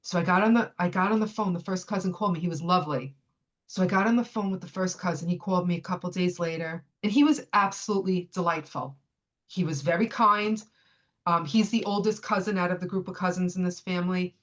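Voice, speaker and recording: A US woman in her fifties, appearing as a podcast guest, tells a personal story in casual conversation. Her fairly low voice moves quickly and she tells it with energy, acting out what the people in it said. The sound is lo-fi.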